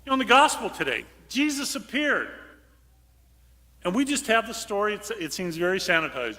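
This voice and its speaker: A man preaching a lively homily as a priest, switching to hushed voices for quotes and sometimes calling out loud. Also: high-pitched, normal speed, long reverb tail. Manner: animated, acts out quotes in hushed voices, sudden shout. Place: large church.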